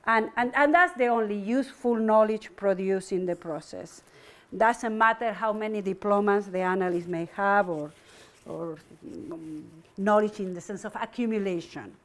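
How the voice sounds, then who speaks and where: A woman's voice: mid-range voice, normal speed. A middle-aged woman giving an academic lecture, speaking hesitantly with frequent restarts and fillers.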